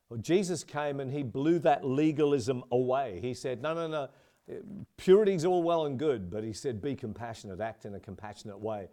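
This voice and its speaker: A man pastor preaching a sermon, earnest, slowing down on key phrases for emphasis. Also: medium pitch, dark tone.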